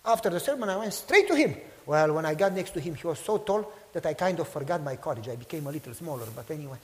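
Male pastor, high-pitched, animated loud-to-hushed delivery, echoing hall. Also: quick pace. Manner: animated storytelling, acts out quotes, swings from loud to hushed. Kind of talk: sermon with storytelling.

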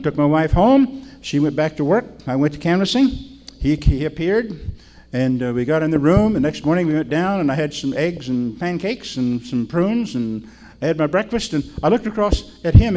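This older preacher has a fairly high, darkish voice and speaks expressively at normal speed. His sermon unfolds through stories in a chatty, folksy style, with regular questions put to the audience.

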